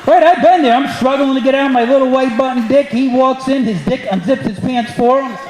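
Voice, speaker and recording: Here the comic's male voice is extremely high-pitched and a little fast, delivering a brash, profane stand-up set that teases the audience. Recorded on a comedy club stage before a live crowd, it has echo, audience laughter, and background noise.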